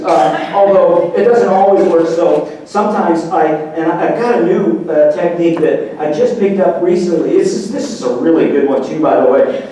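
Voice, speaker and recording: High-voiced man telling stories in an echoey hall. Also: darkish tone, distant mic, slight background noise. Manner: storytelling, acts out voices for laughs. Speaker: motivational speaker. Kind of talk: humorous keynote speech. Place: large hall.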